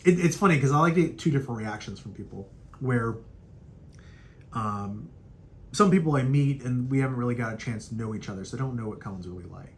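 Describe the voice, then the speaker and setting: A young man hosting a casual podcast, telling a story in a loose, profane way and acting out quotes in a higher voice. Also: fairly quick. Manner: animated, profane, acts out quotes in raised pitch. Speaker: podcast host.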